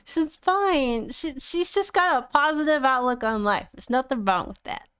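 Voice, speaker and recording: A woman's voice: sits high, lively intonation, moderate pace, fairly bright tone, clear, resonant tone, no echo, clean studio sound. A woman co-hosting a podcast, chatting casually, laid-back, swearing freely and laughing often. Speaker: podcast co-host. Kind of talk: casual chat.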